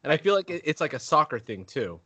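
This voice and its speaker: A man's voice: on the high side, big pitch swings, quick pace, sharp tone, husky, no room sound, highs cut off. A man co-hosting a casual podcast, easygoing and laughing a lot as he plays along. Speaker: podcast co-host. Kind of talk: casual chat.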